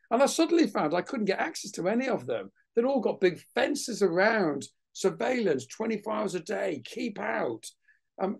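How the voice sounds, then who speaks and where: A man, a naturalist guest on a webinar, telling a lively anecdote over a video call and acting out other people's voices. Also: a little high. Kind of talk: anecdotal storytelling in a webinar interview.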